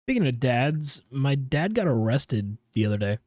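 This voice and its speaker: A young man with a mid-range voice tells a joke to friends on a podcast, halting over fillers. The sound is dry and close, with no room to it. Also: mid-range voice, big pitch swings, darkish tone, no room sound. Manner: joking, hesitant with fillers. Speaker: podcast co-host. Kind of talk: casual chat.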